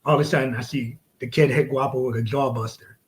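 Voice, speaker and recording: A man with a voice of middle pitch, spinning a profane story as a guest on a podcast. He talks casually and animatedly, acting out quotes and dropping into whispers for effect. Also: steady tone, quick pace.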